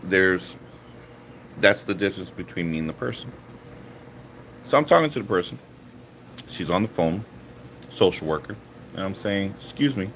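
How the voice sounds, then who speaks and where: A man's voice: normal speed, pauses often, a little hiss or hum. A man vlogging casually, telling a story from his week and acting out the other people's lines. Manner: animated, acts out quoted dialogue with rising pitch.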